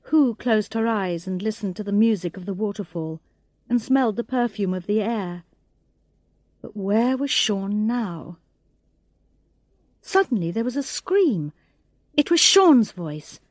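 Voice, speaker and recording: A woman reading a graded English storybook aloud in a slow, clear narration, voicing the characters' lines expressively. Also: mid-range voice, lively intonation, no room sound. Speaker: audiobook reader.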